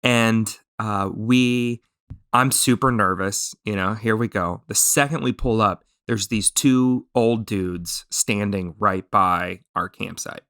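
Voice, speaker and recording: A man's voice: fairly low pitch, takes it slowly, clear, resonant tone, no room sound, clean studio sound. A man hosting a podcast, telling stories in casual chat and acting out the people he quotes. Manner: animated storyteller, acts out quotes. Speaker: podcast host.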